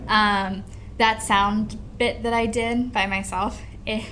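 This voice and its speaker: A woman hosts a podcast in a loose, chatty ramble, poking fun at herself and sounding tired after a sleepless night. Her voice sits at a middling pitch, with a little soft noise behind her. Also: steady tone, slow. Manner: rambling, self-mocking and chatty. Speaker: podcast host. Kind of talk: casual podcast chat. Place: venue during sound check.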